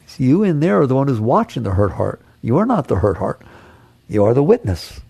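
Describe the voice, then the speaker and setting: Gravelly guy teaching about letting go, really emphatic, dry close sound. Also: mid-range voice, very animated, brisk, warm tone, no echo. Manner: emphatic, repeats key phrases, rhetorical questions. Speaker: spiritual teacher. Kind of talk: spiritual talk.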